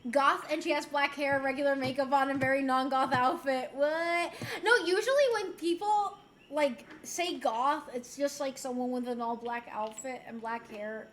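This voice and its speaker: Bright high-voiced streamer woman from Puerto Rico. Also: moderate pace, slight background noise. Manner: playful, giggly, switches into Spanish and French phrases. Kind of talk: casual chat reading viewer messages.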